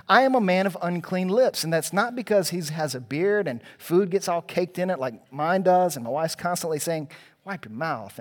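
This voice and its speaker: A man preaching a sermon as pastor, building emphasis with rhetorical questions to the congregation. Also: a little high.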